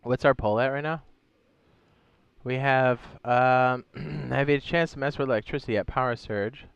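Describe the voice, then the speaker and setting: A man who is sick and hoarse, streaming a game in casual commentary, with a raspy voice and frequent throat clearing. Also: mid-range voice, steady tone, normal speed, no echo, highs cut off. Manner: clears his throat often, rambling and thinking aloud.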